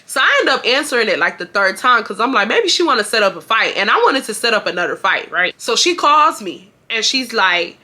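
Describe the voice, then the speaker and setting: Woman, 20s, high and bright, loose, swearing storyteller who acts out her own shouting. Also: fairly quick, hardly any pauses. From Houston, Texas. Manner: animated and profane, acting out shouted quotes. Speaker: vlogger. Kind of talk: casual storytime.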